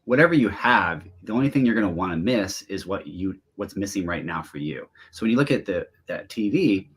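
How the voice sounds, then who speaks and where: A man's voice: deep voice, brisk, slightly rough. A man in his forties, a relationship coach, talking candidly and animatedly in an interview. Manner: animated, candid, bursts of emphasis.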